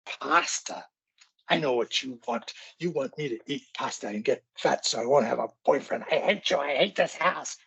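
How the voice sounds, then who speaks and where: A man's voice: medium pitch, moderate pace, creaky, fairly bright tone, husky, voice pushed up, full character voice. Sulky teen girl, raised whiny voice played by a man, dull lo-fi sound. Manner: whiny, accusing. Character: sulky dramatic teenage girl.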